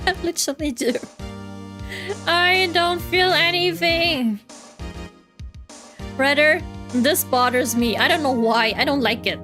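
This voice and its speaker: A woman's voice: high-pitched, moderate pace, over music. A woman streamer giving casual, giggly commentary while playing a game, chatty and often correcting herself.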